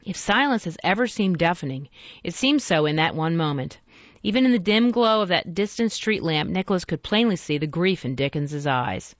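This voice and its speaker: Expressive woman narrating a story. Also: fairly low pitch, moderate pace, no echo, highs cut off. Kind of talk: storybook narration read aloud.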